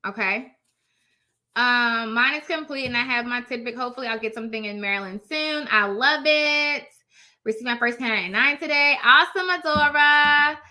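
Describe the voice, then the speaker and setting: A woman's voice: on the high side, moderate pace, pushed and bright. A woman chatting casually on a live stream, coaching viewers bluntly in slang and repeating phrases for emphasis. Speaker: notary signing agent coach. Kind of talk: casual motivational live chat.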